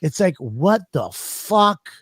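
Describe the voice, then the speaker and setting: Profane, animated man telling stories. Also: sits high, slow, no echo, studio quality. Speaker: podcast co-host. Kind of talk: casual comedic chat.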